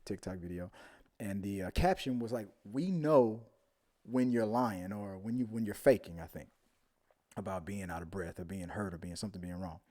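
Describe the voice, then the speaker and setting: A man's voice: fairly low pitch, normal speed, a little mellow. A man hosting a live movie talk stream, chatting casually with viewers and telling a rambling story.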